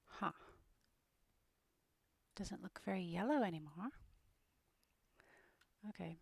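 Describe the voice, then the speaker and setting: A British woman streaming as she works on an animated scene, muttering to herself and often dropping into a whisper. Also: on the low side, slow pace, vocal fry, husky, no room sound. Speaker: streamer making an animated game-character video. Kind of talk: casual narration while working.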